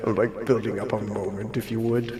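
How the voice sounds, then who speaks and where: A man's voice: fairly low pitch, little pitch movement, brisk, loud music behind the voice. A man running a voice role-play game as game master, exasperated while trying to keep the scene dramatic. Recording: roomy echo with long reverb.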